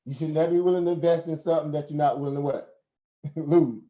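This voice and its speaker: A man's voice: fairly high pitch, steady tone, fast, warm tone. Southern American man preaching on a live stream. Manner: preachy, rhetorical questions, laughs often. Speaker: host. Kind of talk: casual live stream talk. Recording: roomy, dull lo-fi stream audio.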